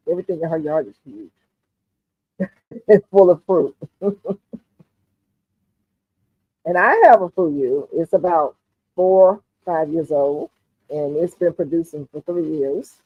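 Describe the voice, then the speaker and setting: A woman with a Southern US accent hosting a casual livestream chat, relaxed and talkative, often murmuring "mm-hmm" and reading comments aloud. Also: lowish voice, breathy edge, no room sound. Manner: relaxed, chatty, frequent "mm-hmm". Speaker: livestream host. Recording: dry, phone-like narrow sound.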